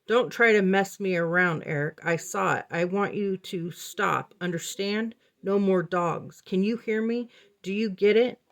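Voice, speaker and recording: A woman reads a tense teenage boy laying down the law, very slowly and firmly. Each warning comes short and clipped, at a middling pitch close to her plain reading voice. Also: natural voice. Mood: stern.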